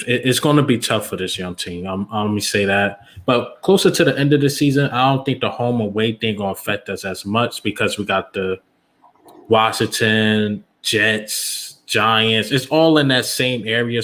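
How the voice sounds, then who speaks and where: Low-pitched male sports analyst, calm and methodical.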